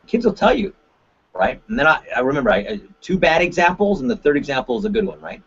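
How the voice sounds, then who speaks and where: A man, a martial arts instructor, giving a webinar talk with lively examples and frequent "right?" tag questions. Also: a little high, fast, breathy edge. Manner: animated, acts out examples with shifting voices. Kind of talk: webinar presentation. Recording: dull lo-fi webinar audio.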